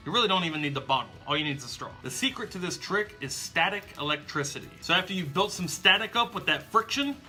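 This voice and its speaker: A man's voice: high-pitched, lively intonation, fast talker, hardly any pauses, sharp tone, faint music behind. A man hosting a magic tutorial, explaining each trick step by step in an upbeat way. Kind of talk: instructional demonstration.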